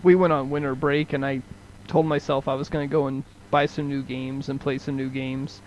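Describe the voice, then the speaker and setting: A man's voice: medium pitch, little pitch movement, normal speed, darkish tone, slight background noise, rough recording. A young American man chatting casually on a podcast, laid-back and hesitant with ums. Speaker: podcast co-host. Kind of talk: casual chat.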